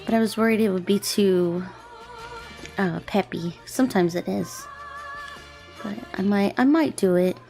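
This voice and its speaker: A young woman chats casually on a drawing livestream, rambling from one thought to the next. She keeps her voice low and soft at an ordinary middle pitch. Quiet, gentle music plays faintly behind her. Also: vocal fry. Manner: rambling, chatty, talking deliberately low and soft. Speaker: VTuber streamer and illustrator. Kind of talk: relaxed casual chat while drawing on stream. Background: faint gentle background music.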